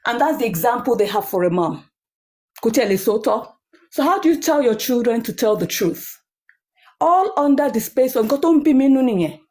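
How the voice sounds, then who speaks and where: Brief: woman live-streamer, indignant and emphatic, high voice that swings up and down. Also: animated, fairly quick, darkish tone. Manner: indignant, emphatic, apologetic to viewers. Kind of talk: heated commentary, mixing English and Yoruba.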